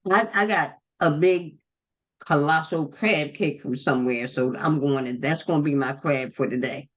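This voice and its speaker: A woman's voice: sits low, moderate pace. A grandmother chatting casually as a podcast guest, speaking in an earnest, encouraging way. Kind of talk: casual chat between friends.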